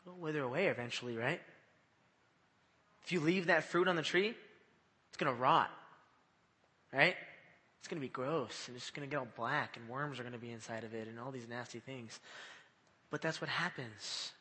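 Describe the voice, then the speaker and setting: A man preaching a sermon in a lively, conversational way, often checking in with his listeners. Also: medium pitch, normal speed, pauses often. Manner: animated, conversational, often asks "right?". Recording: long hall reverb.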